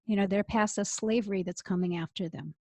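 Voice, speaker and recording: A middle-aged woman rabbi, telling an expressive story as an interview guest over earphones on a call. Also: mid-range voice, fairly quick, no echo. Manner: expressive, builds to emotional peaks. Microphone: earphones with mic.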